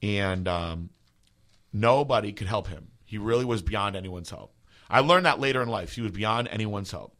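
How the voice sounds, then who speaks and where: A man's voice: lowish voice, moderate pace, fairly bright tone. A man hosting a podcast, telling stories in a casual, rambling way, full of "like" and swearing. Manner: rambling, heavy "like" filler, profane. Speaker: podcast host. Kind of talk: casual storytelling chat.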